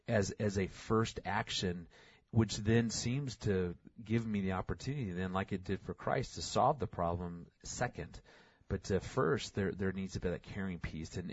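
Husky low-voiced middle-aged guy chatting, acts out quotes, dry dull sound. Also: no room sound. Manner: animated, acts out quotes in raised voice. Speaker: podcast co-host, father. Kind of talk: casual conversational storytelling.

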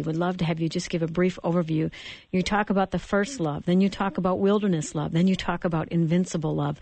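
A woman hosting a Christian radio talk show, interviewing an author with gentle, affirming murmurs. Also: lowish voice, vocal fry, no room sound. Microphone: studio microphone.

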